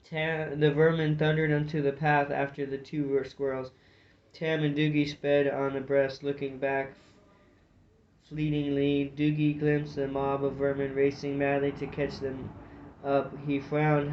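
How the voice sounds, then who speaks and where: A man's voice: medium pitch, monotone, unhurried, a little hiss or hum. A man reading a fantasy storybook aloud, narrating with occasional slips and restarts. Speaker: audiobook reader. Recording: dull lo-fi recording.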